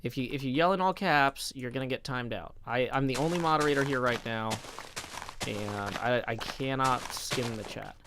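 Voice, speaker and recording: A man's voice: medium pitch, moderate pace, fairly bright tone, slight background noise. A man streaming live, chatting casually and reading messages aloud with wry asides. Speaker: livestreamer. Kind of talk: casual livestream chat.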